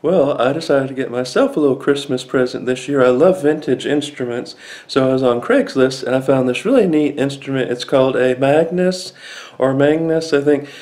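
In a casual show-and-tell vlog, a man shows off a small vintage organ, rambling with many fillers while the organ plays behind him. His medium-pitched voice has a darkish tone and a moderate pace, and the audio quality is poor.

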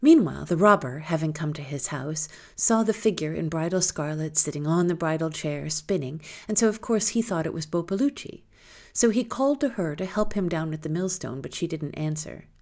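A woman reading a folktale aloud in a lilting, expressive storytelling manner. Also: sits low, fairly quick.

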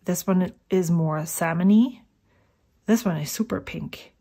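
Slow, breathy middle-aged woman rambling. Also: on the low side, warm tone. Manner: rambling, thinking aloud, sometimes dropping to a whisper. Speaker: fountain pen vlogger. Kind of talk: casual rambling chat while swatching inks.

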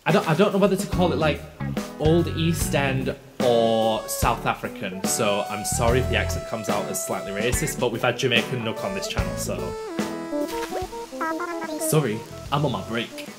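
A man hosting a video game let's play, chatting to himself in an animated, talkative way. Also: mid-range voice, fairly quick. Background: game music.

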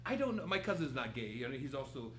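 Animated man telling stories on stage. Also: mid-range voice, fast talker. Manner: animated, laughing, acts out quotes. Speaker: guest storyteller. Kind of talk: comedic storytelling on stage. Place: live improv theater. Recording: echoey theater with noise.

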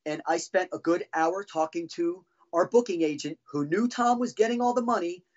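A man's voice: high-pitched, moderate pace. Profane rambling man, dull lo-fi audio. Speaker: podcast guest, former band drummer. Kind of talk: casual storytelling.

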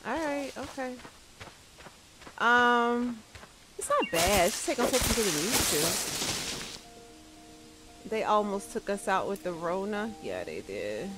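Female game streamer, casual chat to viewers, bouncy pitch, frequent laughs. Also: takes it slowly, long pauses, loud music behind the voice, low-quality recording. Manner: animated, laughs often, talks to viewers. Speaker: gaming streamer. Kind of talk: casual gaming commentary to chat.

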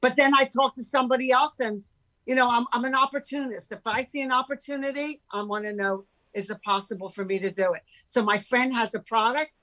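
A woman's voice: fairly high pitch, brisk, low-quality recording. An older woman, a podcast guest and entrepreneur, talking emphatically in casual conversation and acting out the voices of people she quotes. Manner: emphatic, animated, acts out quoted speech.

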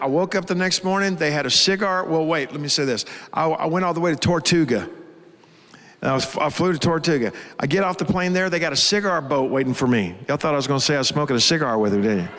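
Man, pastor host, folksy animated storyteller, fairly high voice, long hall reverb. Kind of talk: storytelling to a live audience.

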